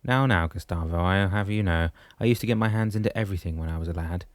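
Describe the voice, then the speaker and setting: A man reading as a genial older mentor who teases gently. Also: deep voice, quick pace, no room sound, lightly acted. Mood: teasing.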